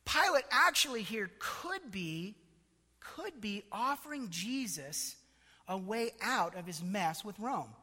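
Man preaching with a bright high voice. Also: animated, takes it slowly, long reverb tail. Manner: dramatic, voices mocking asides. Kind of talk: sermon.

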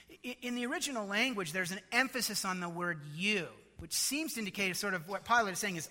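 A man delivers a sermon in a high, bright voice. He builds emphasis and slips into mocking asides. The sound rings with a long hall reverb. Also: lively intonation, brisk, few pauses. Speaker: preacher.

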